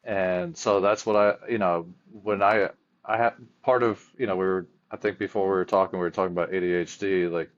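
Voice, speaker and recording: A man's voice: sits low, steady tone, a little fast. A man, a firefighter and chaplain, talks earnestly in a casual podcast conversation, often restarting his sentences as he tells stories. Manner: earnest storyteller with frequent restarts. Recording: dull lo-fi audio.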